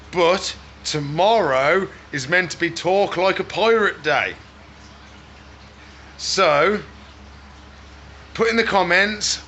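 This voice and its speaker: A man with a slightly high, pushed, bright voice hosts a casual vlog about his exotic pets, with a little hiss or hum on the audio. He chats to viewers as he feeds his animals and coos at them affectionately.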